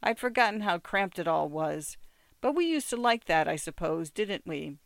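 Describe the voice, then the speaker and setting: A reader doing a wry middle-aged man in a storybook scene, teasing and gently insistent with a woman he once loved. His voice sits at a middle pitch, close and dry with no room sound. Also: expressive, moderate pace, gravelly, no room sound.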